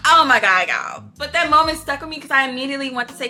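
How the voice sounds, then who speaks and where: A woman's voice: high-pitched, animated, quick pace, few pauses, bright, forceful tone, soft background music. A woman vlogger telling personal stories to her viewers in a candid, casual way, laughing often and calling them y'all. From not from Houston. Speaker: book review vlogger.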